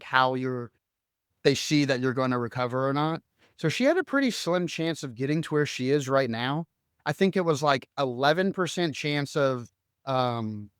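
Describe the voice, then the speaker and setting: Chatty man telling a story, smooth voice. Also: medium pitch, no echo, clean studio sound. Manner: animated, filler-heavy storytelling, acts out quoted dialogue. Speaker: podcast co-host. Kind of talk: casual storytelling chat.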